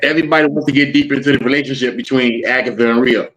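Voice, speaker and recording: A man co-hosting a podcast, chatting casually in a steady, insistent way. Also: medium pitch, racing. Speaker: podcast co-host. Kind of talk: casual chat. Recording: dull lo-fi audio.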